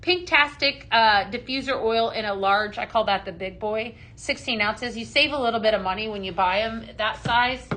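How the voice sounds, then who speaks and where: A woman's voice: fairly high pitch, moderate pace, hardly any pauses, pushed and bright, a little hiss or hum. A woman hosting a live shopping show, gushing over products with many ums and reading out viewer comments. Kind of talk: live product demo chat.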